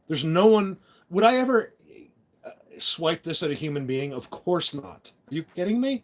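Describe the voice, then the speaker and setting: A man's voice: a little high, expressive, unhurried, long pauses. Rambling man chatting on a phone live stream. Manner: rambling, talks tough in jest. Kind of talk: casual live-stream chat.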